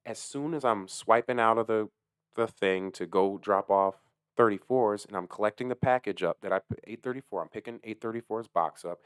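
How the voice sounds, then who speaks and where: A man who works as a delivery driver, ranting casually to camera, heated and swearing heavily, swinging between low muttering and loud outbursts. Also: normal speed, clean tone, no echo, clean studio sound. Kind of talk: casual profane rant to camera.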